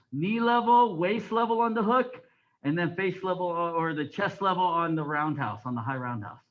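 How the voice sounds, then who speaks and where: High-pitched, lively taekwondo instructor man. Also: dull audio. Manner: barks counts and commands, then explains calmly. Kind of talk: coaching a martial arts class. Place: martial arts training hall.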